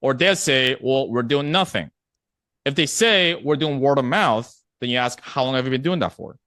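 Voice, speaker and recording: A man's voice: mid-range voice, fairly quick, bright, forceful tone, no echo, clean studio sound. A man teaching a live online sales training in a conversational way, often acting out a prospect's replies and checking in with his audience. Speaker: sales coach.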